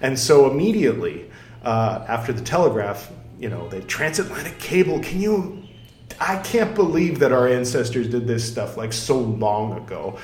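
A man's voice: mid-range voice, expressive, moderate pace, echoey room, soft background music. A man hosting a podcast in a casual, digressive way, full of fillers, restarts and self-deprecating asides. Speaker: podcast host. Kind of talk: casual rambling podcast talk.

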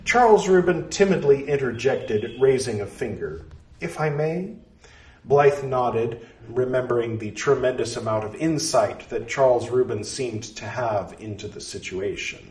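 A man narrating a story in a measured, expressive reading. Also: mid-range voice. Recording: roomy, distant mic.

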